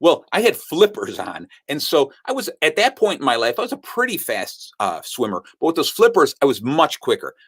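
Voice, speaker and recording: A man's voice: a little high, normal speed, few pauses, husky. A man telling a story as a sales speaker, acting out what people said. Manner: animated storyteller who acts out the quotes. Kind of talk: storytelling talk.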